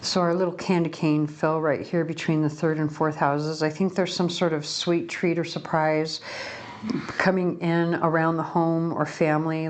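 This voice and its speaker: Low-voiced chatty woman tarot reader. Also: a little mellow, a little hiss or hum. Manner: chatty, rambling, self-correcting. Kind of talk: casual pick-a-card reading. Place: home room by a window.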